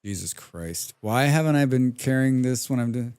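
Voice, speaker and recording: Man, game streamer, casual rambling talk, hums while playing, medium pitch. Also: lively intonation, normal speed, hardly any pauses, darkish tone, clean tone. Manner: rambling and chatty, reading chat aloud. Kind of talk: live gaming stream commentary.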